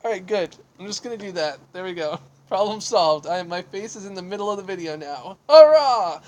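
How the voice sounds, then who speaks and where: A man's voice: sits high, a little fast, slight background noise. A man hosting a casual livestream from an outdoor deck, talking into a phone on a selfie stick. He rambles, makes fun of himself and answers viewer questions as he reads them. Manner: rambling, self-deprecating, reads and answers chat aloud.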